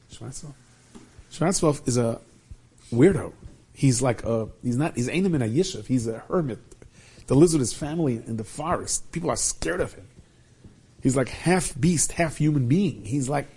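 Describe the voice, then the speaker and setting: A man telling a Hasidic tale in a lively way, dropping in many Yiddish and Hebrew words. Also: medium pitch, husky. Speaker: storyteller.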